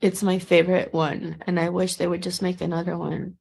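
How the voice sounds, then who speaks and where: Gravelly low-voiced woman rambling casually. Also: flat delivery, brisk, a little mellow. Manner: chatty, meandering, frequent restarts and repeated words. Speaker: vlogger.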